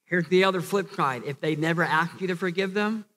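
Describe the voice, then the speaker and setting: A pastor's sermon echoes through a church hall with a long reverb. Speaking briskly in a high, fairly bright voice, he earnestly restarts and repeats phrases, pushing toward emphatic peaks.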